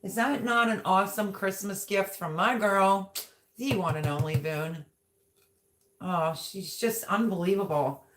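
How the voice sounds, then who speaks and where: A woman's voice: medium pitch, measured pace, noisy background. A woman hosting a casual livestream, chatty and gushing as she reads out viewer comments. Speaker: livestream host.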